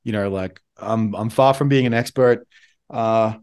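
A man's voice: lowish voice, unhurried, darkish tone, clean tone. A man in his forties with an Australian accent, co-hosting a podcast and talking casually about himself in a rambling, reflective way. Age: 40s. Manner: rambling, reflective, with frequent restarts. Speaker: podcast co-host. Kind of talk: casual conversation.

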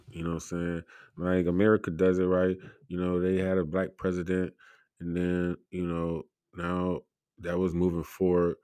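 A man's voice: low-pitched, darkish tone, no echo. A man hosting a podcast, telling a rambling story in casual talk and laughing often through it. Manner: loose, rambling delivery full of fillers and profanity. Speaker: podcast host.

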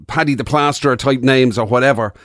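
A man's voice: medium pitch, quick pace, dry recording, clean studio sound. A man with an Irish accent co-hosting a radio show, teasing his partner wryly and often laughing. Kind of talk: casual comedic banter.

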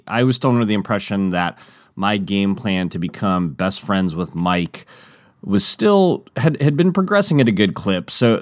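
A man's voice: no room sound, clean studio sound. A man telling a personal story in a casual, rambling way, acting out the other people's lines in raised voices. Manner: animated, jumps to high voices when quoting others; rambling with frequent restarts and fillers.

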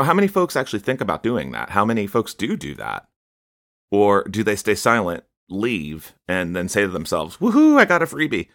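A man's voice: deep voice, bright, forceful tone, dry recording, studio quality. A man preaching a sermon in a conversational way, often saying "you know" and reading scripture aloud.

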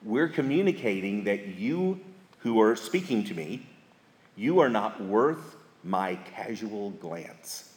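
A man's voice: on the low side, big pitch swings, slow pace. A man, speaking at a church marriage seminar in a folksy, storytelling manner with emphatic repetition, recorded in an echoey hall. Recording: echoey hall with live audience.

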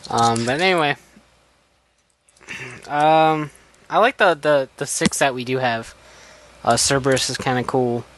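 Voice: medium pitch, unhurried, pauses often, fairly bright tone, a little hiss or hum. A co-host in a casual chat, playful and insistent.

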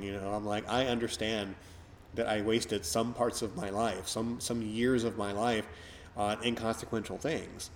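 A man's voice: lowish voice, little pitch movement, measured pace, slight background noise. A middle-aged man hosting a podcast, talking in a rambling, reflective way with lots of fillers. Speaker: podcast host. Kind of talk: casual podcast chat.

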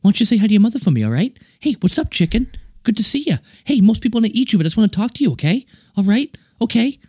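A brash tough guy barks friendly jabs at a high, quick clip, as a man puts him on. The sound is dry, with no room around it. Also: sing-song, no echo. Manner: loud, pushy, jokey. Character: brash chatty Boston tough guy, male adult.

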